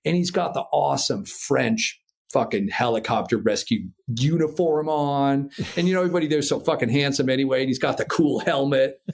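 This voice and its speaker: A man from Minnesota, a paraglider pilot and podcast guest, telling a story in a casual, animated way, swearing freely and imitating sounds. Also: medium pitch, fairly quick, creaky. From Minnesota, USA.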